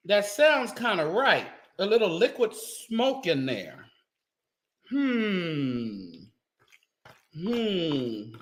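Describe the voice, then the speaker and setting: A man's voice: sits high, pushed and bright. A man hosting a casual cooking livestream from a home kitchen, chatting straight to his viewers as he cooks and sometimes moving away from the mic.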